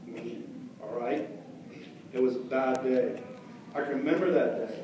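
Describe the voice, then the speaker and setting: A man's voice: medium pitch, measured pace. Man telling a story to kids live. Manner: chatty, asks the audience questions. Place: storytelling festival hall. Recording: echoey hall from far off, noisy.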